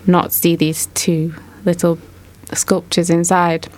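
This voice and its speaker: A woman leading a casual art discussion, a mother, describing artworks slowly and thoughtfully. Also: fairly low pitch, little pitch movement, darkish tone. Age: adult mother. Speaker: discussion moderator.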